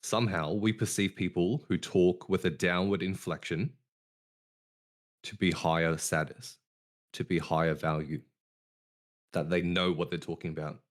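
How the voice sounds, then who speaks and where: A man hosting a casual podcast, talking deliberately with a downward inflection at the ends of his sentences, over an online voice call. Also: low-pitched, fairly even intonation. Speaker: podcast host.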